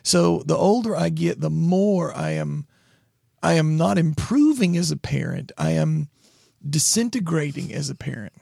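A man's voice: fairly high pitch, expressive, measured pace, creaky, dark tone, no echo, clean studio sound. A man co-hosting a podcast, telling stories in a wry, self-mocking way. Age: 40s. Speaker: podcast co-host. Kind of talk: casual chat.

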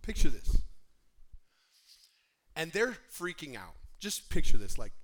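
A man preaching a sermon, impassioned, swinging between hushed talk and loud appeals to the congregation. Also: fairly high pitch, very animated, a little slow. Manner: addresses the congregation directly. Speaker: pastor.

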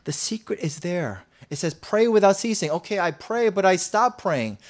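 Man, pastor, sermon, earnest, slightly high-pitched, loud scripture reading, hushed asides, repeats words. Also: sing-song, moderate pace. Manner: earnest preaching, swinging from loud scripture reading to soft near-whispers; repeats and restarts words often.

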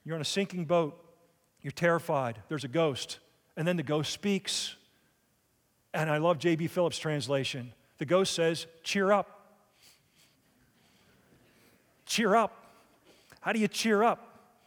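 High-voiced man preaching in a reverberant hall. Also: expressive, moderate pace. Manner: preaching with rhetorical questions to the congregation. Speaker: pastor. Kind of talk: sermon. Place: church.

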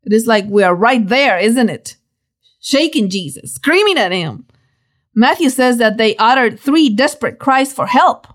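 Animated woman teaching the Bible. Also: a little slow. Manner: dramatic, animated storytelling with sudden pitch swings.

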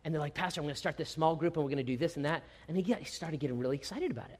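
A middle-aged man preaching a sermon, his voice sitting a little higher than most men's. He tells jokes at his own expense and acts out little asides. The sound carries a long reverb from a big hall. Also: animated, racing, hardly any pauses, a little mellow, breathy edge. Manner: self-deprecating, humorous storytelling with quoted asides. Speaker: pastor.

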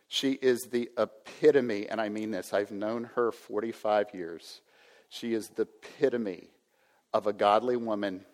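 An older man in his sixties delivers a sermon with a low, steady voice. He speaks earnestly and now and then acts out a self-important inner voice. The sound carries a long reverb from a church hall. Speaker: pastor.

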